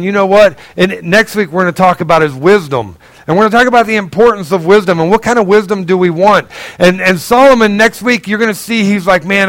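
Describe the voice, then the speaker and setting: A male pastor preaching in a conversational, earnest way, asking the congregation direct questions and swinging between raised, emphatic passages and quiet, low asides. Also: dry recording, rough recording. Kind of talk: sermon.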